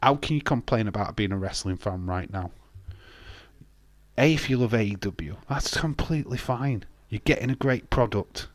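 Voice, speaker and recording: A man's voice: on the low side, animated, moderate pace, dry recording. A man with a Yorkshire accent hosting a live watch-along, chatting casually with opinions and frequent laughs. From Yorkshire, England. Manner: chatty and opinionated, laughs often, jumps between topics. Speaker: livestream watch-along host. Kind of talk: casual live reaction chat.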